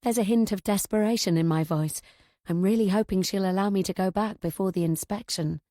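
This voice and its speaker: A woman narrating a first-person thriller audiobook with a tense, anxious edge. Her tone is warm and mellow. The recording is close and dry, with no room sound. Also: medium pitch, fairly quick, no room sound.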